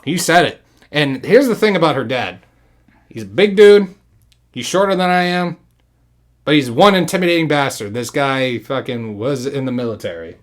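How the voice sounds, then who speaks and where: A young man telling stories on a casual podcast with his partner. His talk is loose and full of swearing, and it jumps into loud bursts when he gets worked up. His pitch sits in an ordinary middle range. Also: moderate pace. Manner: animated, profane, loud bursts when excited. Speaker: podcast host. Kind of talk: casual storytelling chat.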